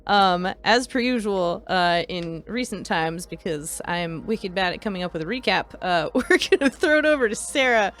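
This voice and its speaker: A woman as game master, giving a relaxed and rambling stream intro with chuckles. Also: fairly high pitch.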